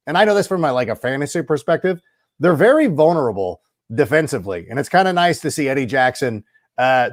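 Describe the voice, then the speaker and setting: A man's voice: a little high, dry recording, clean studio sound. A middle-aged man appears as a football analyst guest in a casual interview, chatting at length and rambling through his opinions with asides. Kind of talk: casual sports talk interview.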